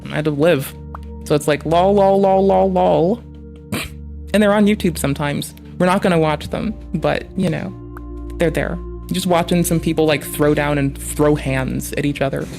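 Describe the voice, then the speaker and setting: Annoyed streamer, mid-pitched voice, sarcastic and swearing constantly, faint music underneath. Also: moderate pace, gravelly, a little mellow. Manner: heated, sarcastic, heavy swearing. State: annoyed and frustrated. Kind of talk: livestream reaction commentary.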